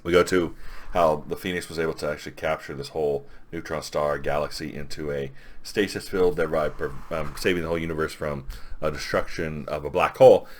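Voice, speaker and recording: A man with an extremely low, steady voice talks fairly quickly, and there's a little hiss or hum. As a reviewer, he casually retells a comic book story in a rambling recap heavy with fillers and quoted lines.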